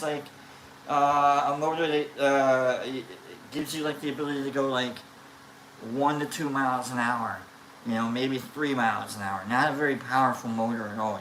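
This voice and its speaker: A woman with a low voice tells a casual, rambling story on a livestream, stumbling over restarts and fillers. Her voice rings in an echoey room. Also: a little hiss or hum. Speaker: live streamer.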